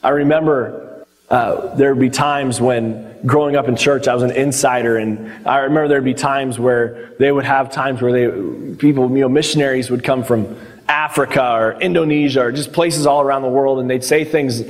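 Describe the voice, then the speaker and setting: A man's voice: medium pitch, normal speed. A male pastor giving a conversational sermon and acting out the quotes in the story. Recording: long hall reverb.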